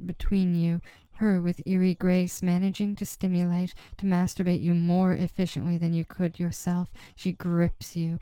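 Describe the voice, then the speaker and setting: A woman narrating an erotic story in the second person, with a slow, hushed, even delivery. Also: fairly low pitch, clear, resonant tone, no room sound, low-quality recording.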